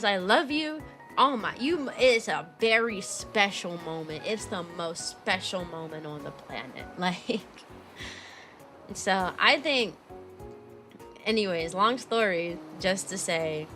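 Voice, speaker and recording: Bright-voiced young woman rambling casually. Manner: rambling, filler-heavy storytelling with sudden high-pitched jumps. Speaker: VTuber streamer and kindergarten teacher. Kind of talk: casual chat stream.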